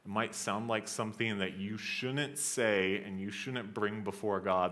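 A man's voice: fairly even intonation, measured pace, few pauses. Earnest male pastor preaching conversationally. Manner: earnest and conversational, acting out psalm lines with rising intensity; drops to a soft, low voice on somber passages. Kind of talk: sermon.

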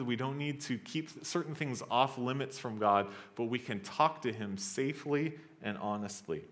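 Earnest male pastor preaching conversationally. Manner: earnest and conversational, acting out psalm lines with rising intensity; drops to a soft, low voice on somber passages. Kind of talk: sermon.

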